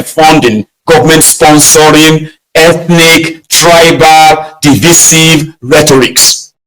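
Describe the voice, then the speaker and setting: A Nigerian-accented man giving animated opinion commentary. His voice sits a little high, and he hammers his points home with emphatic tags. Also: rough recording. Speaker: online commentator.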